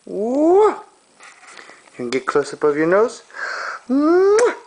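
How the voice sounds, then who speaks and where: A man's voice: sits high, wildly swooping pitch, a little slow. A man doing playful, sing-song baby talk to his infant daughter while filming her on a handheld home camera at home.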